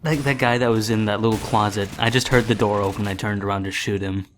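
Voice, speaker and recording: A man's voice: fairly low pitch, fairly even intonation, quick pace, slight background noise. A young man chatting about a video game in an easygoing, matter-of-fact way. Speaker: let's play co-commentator. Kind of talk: casual gaming commentary.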